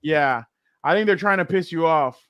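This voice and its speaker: A man's voice: on the high side, moderate pace, a bit bright, clear, resonant tone, no room sound. A man hosting a casual sports podcast on a video call, easygoing and reading chat comments aloud. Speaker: podcast host.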